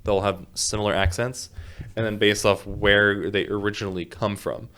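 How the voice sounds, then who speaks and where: A man's voice: on the low side, level tone, moderate pace, bright, forceful tone. A man in casual podcast chat, rambling through an explanation with frequent restarts and laughs. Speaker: podcast co-host.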